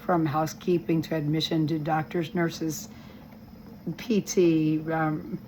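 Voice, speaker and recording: Low-voiced woman talking from a hospital bed, earnest and rambling, voice kinda weak and strained, faint hiss behind. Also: flat delivery, darkish tone, rough recording. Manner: earnest, rambling and halting, with many restarts; voice breaks with emotion. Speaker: vlogger giving a health update. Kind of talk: personal video update. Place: hospital room.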